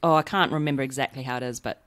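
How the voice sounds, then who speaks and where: A woman hosting a podcast, chatting and laughing easily with her guest in his flat. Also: a bass voice. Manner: giggly, lively, quick to laugh. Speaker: podcast host. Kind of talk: casual interview chat.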